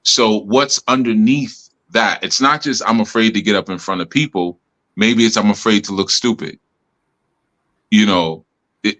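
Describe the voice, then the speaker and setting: A man with a low, deep bass voice that carries a bright, forceful edge. He talks in a relaxed, reflective way, working through ideas aloud with frequent "you know" asides. He sounds like someone speaking on a live stream. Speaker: spiritual teacher and host. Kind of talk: casual teaching talk. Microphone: live stream mic.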